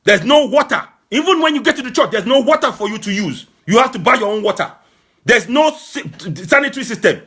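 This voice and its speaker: A man giving an impassioned political address to his audience, fervent and repetitive, sometimes shouting. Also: very high voice, expressive, fairly quick, husky. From Nigeria. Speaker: political broadcaster.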